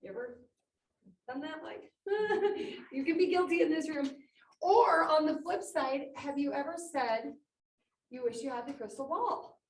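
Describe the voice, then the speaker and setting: A woman giving an inspirational talk at a conference, animated and acting out quotes, in a meeting room with about twenty people. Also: high-pitched, measured pace. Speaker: conference speaker. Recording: echoey room, mic far off, faint noise.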